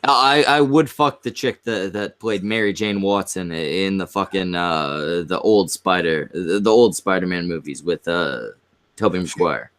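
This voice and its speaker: A man's voice: low voice, measured pace, fairly bright tone. A man in crude casual chat on a stream, stammering and swearing as he rambles.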